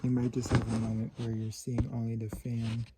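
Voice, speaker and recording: A man unboxing an old fan in a casual vlog at home. He talks in a halting, sentimental way and checks in with whoever is filming. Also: mid-range voice, completely flat delivery. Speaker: vintage fan collector. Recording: noisy home recording.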